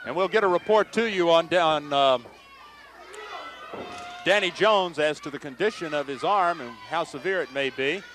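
A man giving brisk play-by-play commentary on a wrestling match. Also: a little high, a bit bright. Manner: brisk, matter-of-fact calls.

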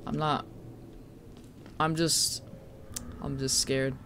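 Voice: medium pitch, flat delivery, very slow, a bit bright, a little hiss or hum. A streamer playing a horror game live, chatting and swearing, breaking into shrieks when startled.

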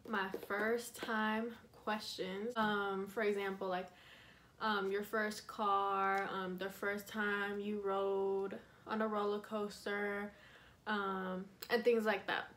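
A young woman, chatting casually and relaxed on her vlog, with lots of fillers. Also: mid-range voice, slow pace, slight background noise, low-quality recording. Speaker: YouTuber. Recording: music playing behind the voice.

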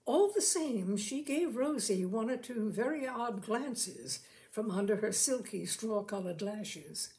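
A woman reading a literary short story aloud in a measured, unhurried way. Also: fairly high pitch, expressive, a little mellow. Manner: slow, measured delivery, lifting her voice for quoted lines.

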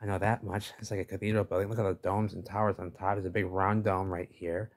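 A man's voice: low voice, little pitch movement, fast talker. A man giving commentary over video footage in an emphatic, dismissive manner, repeating catchphrases.

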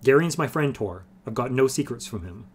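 A man's voice: mid-range voice, expressive, fairly quick, slight background noise, lightly acted. A man voicing a fiery, idealistic young male patriot in a fantasy audiobook reading. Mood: fervent. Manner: intense, hot.

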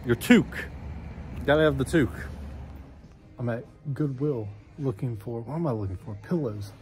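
A man's voice: mid-range voice, lively intonation, normal speed, pauses often, a little hiss or hum. A man in a casual vlog, rambling and joking about himself as he goes about his day in a town in winter. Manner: rambling, self-mocking, chatty. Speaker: vlogger.

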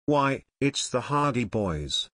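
A man's voice: mid-range voice, big pitch swings, slow pace, a bit bright, no echo, studio quality. A man voicing an authoritative Coast Guard officer giving orders in an audiobook. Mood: commanding. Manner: authoritative, commanding. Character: stern adult male Coast Guard officer.

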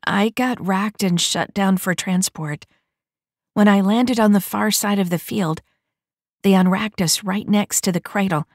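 A woman's voice: medium pitch, measured pace, dry recording, clean studio sound, voice pushed up. A woman voicing a nervous young female recruit in a mech body, asking hesitant, timid questions in an audiobook.

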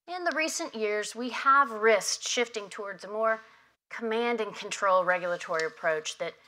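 A woman delivering prepared opening remarks at a conference, measured and emphatic, at a podium microphone. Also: mid-range voice, bright, forceful tone. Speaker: industry association head giving opening remarks. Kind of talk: prepared keynote speech. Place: conference hall.

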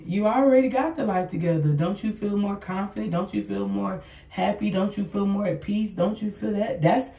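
A podcast host delivers a blunt, casual motivational monologue, repeating her points and swearing freely. Her medium-pitched voice is gravelly and dark, moving at a moderate pace with few pauses, recorded in an echoey room far from the mic.

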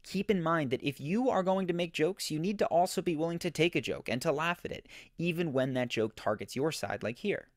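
Lively-voiced man narrating a lesson. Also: fairly high pitch, no echo, clean studio sound. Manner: measured, instructive. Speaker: online lecturer. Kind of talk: scripted explanatory narration.

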